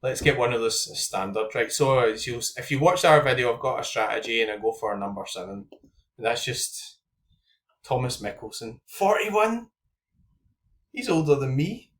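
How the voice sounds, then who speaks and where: A young man hosting his own YouTube channel thinks aloud while going through his fantasy football cards, talking casually and saying "like" and "um" a lot. His voice is medium-pitched, steady, and fairly bright, at a normal speed.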